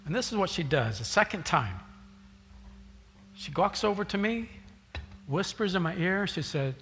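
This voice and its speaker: A man pastor from San Jose tells a story in his sermon, playing out both sides of the dialogue before building into fervent preaching. His voice sits high and rings bright. It carries through a reverberant hall with soft instrumental music underneath. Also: sing-song, normal speed, pauses often. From San Jose, California.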